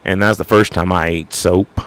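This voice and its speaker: A man with a Cajun accent talking casually about doing impressions, rambling with lots of halting restarts. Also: low-pitched, fairly even intonation. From Louisiana. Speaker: vlogger.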